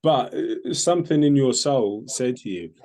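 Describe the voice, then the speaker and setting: A man's voice: mid-range voice, animated, a little slow, darkish tone. A man, a medium hosting a casual talk, speaking earnestly and reflectively with many fillers. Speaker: host, medium.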